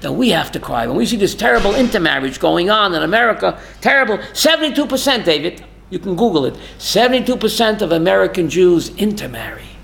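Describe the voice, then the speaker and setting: A man's voice: high voice, very animated, fast, gravelly, hardly any pauses, fairly bright tone, a little hiss or hum. A man giving a rabbi's Torah class, emphatic, firing rhetorical questions and calling on listeners by name.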